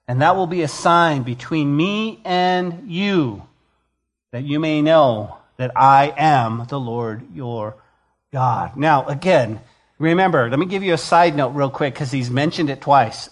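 A man's voice: on the high side, expressive, unhurried. A man preaching a sermon as pastor, reading scripture and rising to emphatic, passionate preaching.

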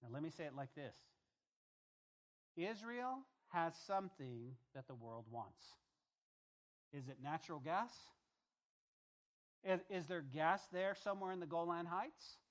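A man with a fairly high voice delivers a sermon-style Bible lesson. He talks straight to his listeners, doubling back on phrases and pressing them with rhetorical questions. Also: lively intonation, a little slow, long pauses. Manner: talks directly to the congregation. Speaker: pastor.

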